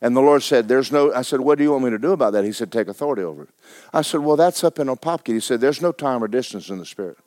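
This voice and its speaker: A man, a pastor preaching and telling a story with animated bursts of loud shouting. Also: mid-range voice, rapid-fire, no room sound. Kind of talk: sermon.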